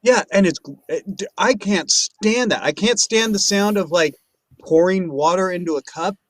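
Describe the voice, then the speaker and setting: A man's voice: high voice, moderate pace, no echo. A man hosting a casual online chat show, rambling with many restarts and eating while he talks. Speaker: show host.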